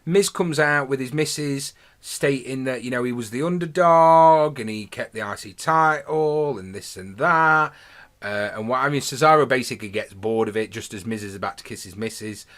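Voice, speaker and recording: A man's voice: mid-range voice, normal speed, a bit bright. A man in his thirties hosting his own podcast, talking through a review in a chatty, rambling, enthusiastic way. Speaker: podcast host. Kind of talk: casual solo review monologue.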